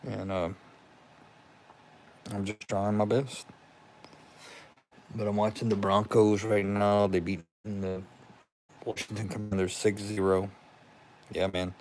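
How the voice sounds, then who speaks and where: A man's voice: on the low side, slow pace, pauses often, slight background noise. A young man chatting casually on a livestream at home, greeting viewers by name. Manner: excited, talks to viewers by name, relieved. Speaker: livestream host. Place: home room with TV.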